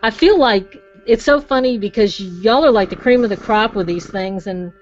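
A woman's voice: medium pitch, normal speed, muffled recording, soft background music. A woman giving a chatty, encouraging live craft demonstration and talking straight to her viewers.

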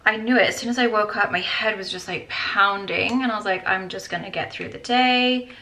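Tired and nursing a headache, a beauty vlogger in her thirties talks to her viewers as she does her makeup, peppering her speech with "like" and "you guys." Her mid-range voice has a sharp tone and moves a little fast.

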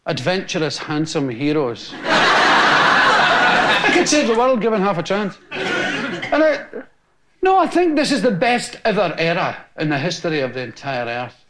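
Unhurried and leaving long pauses, a Scottish comedian in his forties delivers stories to a TV studio audience in a high-pitched, very animated voice. He laughs as he acts out the scenes, and the old TV recording is noisy.

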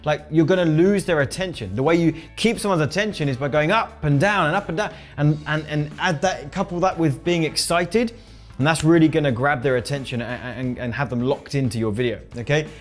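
An energetic male coach giving a to-camera lesson on video ads, his voice pitched a little high. He keeps pressing his points home with quick tag questions. Soft guitar music plays faintly underneath. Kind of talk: instructional talk to camera.

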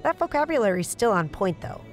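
A woman's voice: medium pitch, very animated, brisk, faint music behind, natural voice. An actress playing a dry, teasing woman keeping a secret affair. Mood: wry. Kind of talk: audio drama acting.

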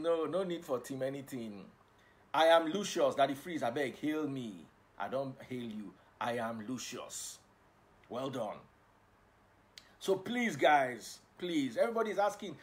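Middle-aged Nigerian male broadcaster, casual live chat, playful, preachy. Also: medium pitch. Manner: switches between English and pidgin, playful and preachy. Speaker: livestream host and broadcaster.

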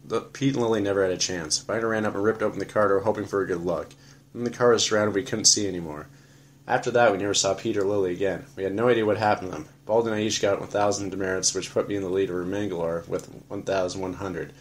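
A man narrating an audiobook in a flat, matter-of-fact first-person telling. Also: deep voice, fast, slight background noise.

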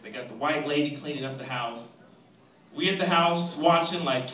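A young man from Texas doing an animated stand-up comedy set, bursting loud when he acts out characters. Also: a little high, normal speed. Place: comedy club stage. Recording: roomy club sound, mic at a distance, loud crowd.

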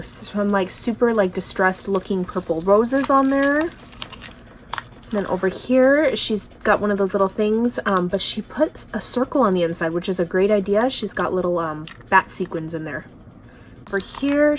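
A woman's voice: medium pitch, slight background noise. Gushing young woman showing off crafts. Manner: gushing, excitable, lots of "oh my gosh" and "you guys". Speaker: craft channel host. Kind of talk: casual unboxing show-and-tell.

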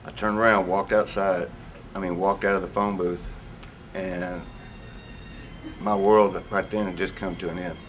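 A man being interviewed, recalling a painful memory in a halting voice with many pauses. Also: deep voice, little pitch movement, a little hiss or hum. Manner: halting, pausing often. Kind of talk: emotional recollection.

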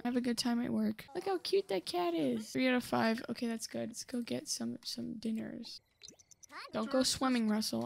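A woman's voice: a little high, vocal fry. A young woman hosting a gaming channel, chatting casually through her gameplay and talking to the characters on screen. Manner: chatty, talks to the game characters, scolds them.

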